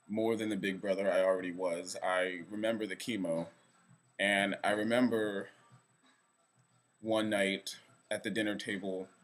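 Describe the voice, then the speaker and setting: A man's voice: sits low, fairly bright tone. A young man vlogging to camera in a rambling, self-deprecating way. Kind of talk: casual direct-to-camera vlog. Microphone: camera facing speaker.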